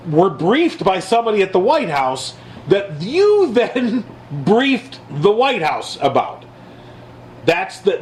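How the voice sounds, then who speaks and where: Animated, mocking male podcast co-host. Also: high voice, slight background noise, poor audio. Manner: animated, mocking quotes in a raised voice. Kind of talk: casual political chat.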